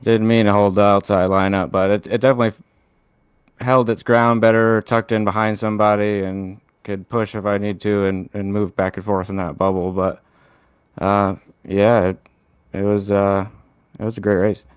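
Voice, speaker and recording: Man, post-race interview, laid-back, halting, low voice, very dry close sound. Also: level tone, clean tone, dry recording. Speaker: racing driver guest.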